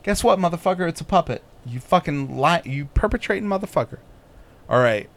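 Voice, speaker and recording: A man's voice: a little high, expressive, fairly quick, creaky. A man hosting a podcast in casual chat, swearing constantly and sneering sarcastically. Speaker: podcast host. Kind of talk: casual profane commentary.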